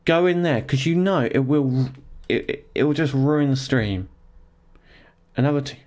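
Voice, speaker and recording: A man's voice: mid-range voice, unhurried, a little mellow. A young man chatting casually and jokingly to his live-stream chat while gaming, rambling and laughing often, in his home office.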